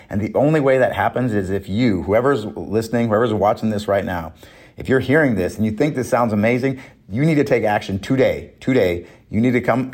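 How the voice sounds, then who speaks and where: A man talking as a political organizer, urging listeners to join in, in an energetic casual chat. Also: medium pitch.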